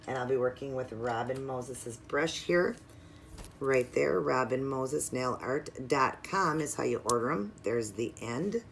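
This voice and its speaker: A woman's voice: very deep voice, slight background noise. A woman hosting her own nail art video, walking through her supplies step by step in a chatty, upbeat way. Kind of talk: casual tutorial narration.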